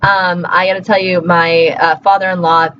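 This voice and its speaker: A woman's voice: on the low side, level tone, normal speed, a bit bright. Chatty woman teaching linguistics. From Colorado, USA. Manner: conversational, many fillers and checks like "right?". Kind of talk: recorded lecture. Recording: slightly dull, faint background hum.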